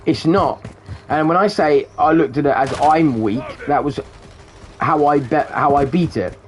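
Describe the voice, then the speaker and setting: A man's voice: fairly high pitch, unhurried. Man chatting while gaming. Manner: rambling, swears often, keeps saying "guys". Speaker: gamer streamer. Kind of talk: casual chat while gaming.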